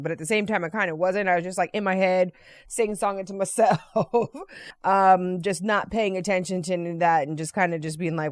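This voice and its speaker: A woman vlogger telling a casual anecdote in an animated, chatty way, often checking in with "right?" and "you know.". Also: on the low side, fairly quick, no echo. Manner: playfully profane.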